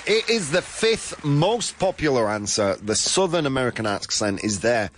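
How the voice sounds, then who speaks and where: Playful animated British man hosting a show. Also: medium pitch. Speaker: show host. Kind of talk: live game show chat, reading viewer answers.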